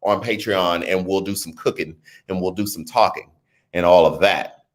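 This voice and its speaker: A man hosting a casual livestream, reading viewer comments and chatting with his audience in an animated, talkative way. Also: low voice, normal speed. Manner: chatty, animated, talks straight to his chat. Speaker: livestream host.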